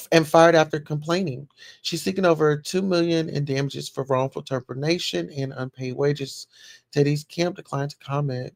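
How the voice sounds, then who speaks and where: A woman's voice: sits low, gravelly, no echo, clean studio sound. A woman hosting a casual livestream, chatting as she reads news and viewer comments aloud and reacts to them. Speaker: livestream host.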